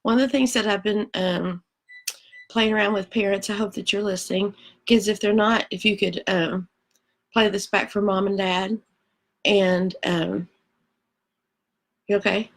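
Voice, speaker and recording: A woman's voice: mid-range voice, fairly even intonation, a little slow, pauses often. A woman teacher talking to kids and parents before a read-aloud lesson, chatty with many ums.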